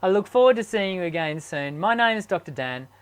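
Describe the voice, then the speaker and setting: A man hosting a live online chat as a singing teacher, his voice strained from sickness, talking haltingly with many ums and restarts. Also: high voice, expressive, smooth. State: sick, strained voice.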